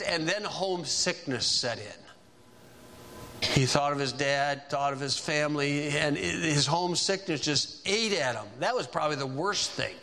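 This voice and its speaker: A man preaching in a conversational, animated way, retelling a story and acting out its characters. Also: high-pitched. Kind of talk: sermon storytelling.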